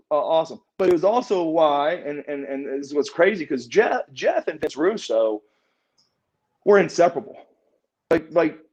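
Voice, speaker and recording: A man's voice: fairly high pitch, a little mellow, muffled recording. A man telling stories as a podcast interview guest, rambling, restarting his words and chuckling often. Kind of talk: casual storytelling in a podcast interview.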